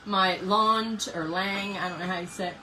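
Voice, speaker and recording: A woman's voice: fairly low pitch, flat delivery, very fast, pushed and bright, a little hiss or hum, poor audio. A middle-aged woman hosts a live craft painting demo from her home craft room. She chats with viewers by name and thinks aloud as she works. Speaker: craft host.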